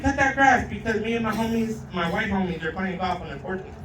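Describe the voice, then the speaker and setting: A male comedian doing a crude, rowdy stand-up set, slipping into Spanish and loud put-on voices. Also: high-pitched, steady tone, brisk, slight background noise. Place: outdoor backyard show. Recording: roomy sound from a distant mic.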